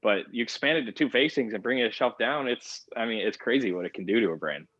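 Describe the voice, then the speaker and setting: A man co-hosting a casual podcast, talking in a relaxed way and laughing easily. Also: medium pitch, fast, husky, no room sound. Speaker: podcast co-host. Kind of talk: casual chat. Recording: dull lo-fi sound.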